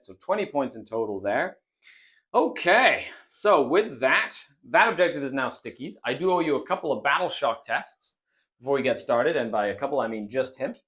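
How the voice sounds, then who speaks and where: A man hosting a tabletop wargame battle report, narrating each turn in an animated way with frequent laughter and playful exclamations. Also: mid-range voice. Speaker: host and player.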